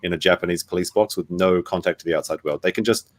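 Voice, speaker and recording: A man's voice: low-pitched, fairly even intonation, fast talker. A man in casual chat, explaining things in a matter-of-fact way.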